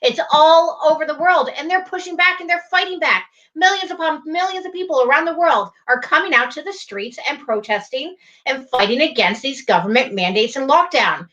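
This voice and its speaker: A woman from the United States co-hosting a livestreamed morning show. Her voice sits high and sharp, and her delivery is urgent and sermon-like, full of pleas. The audio is dull and lo-fi. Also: expressive, normal speed, few pauses. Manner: urgent, pleading, preachy. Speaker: co-host of an online morning show. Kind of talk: impassioned livestream talk.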